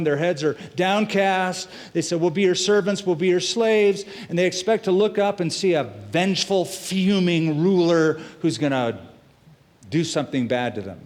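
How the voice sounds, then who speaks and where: A middle-aged man preaching as a pastor, telling the story in a lively way and acting out the characters' quotes. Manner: animated storytelling, acts out quotes with shifts in pitch and loudness. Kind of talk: sermon.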